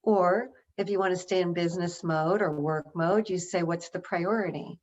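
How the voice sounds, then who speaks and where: A woman giving an energetic webinar talk, guiding listeners through a breathing exercise by counting. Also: fairly low pitch, moderate pace. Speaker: speaker. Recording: dull lo-fi webinar audio.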